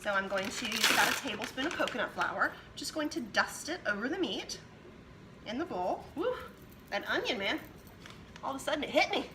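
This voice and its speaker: A woman's voice: fairly high pitch, lively intonation, fairly quick, background noise. A woman hosting a home cooking demonstration, chatting her way through each step as she works in her kitchen. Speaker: cooking show host.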